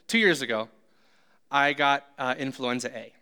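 A man's voice: medium pitch, normal speed, pushed and bright, clean tone. A man preaching a sermon who tells humorous, self-deprecating stories. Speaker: pastor.

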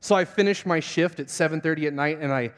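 A young man, a pastor, telling a funny self-mocking story in a sermon and acting out the voices with big jumps in pitch. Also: fast talker, clean tone. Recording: long hall reverb.

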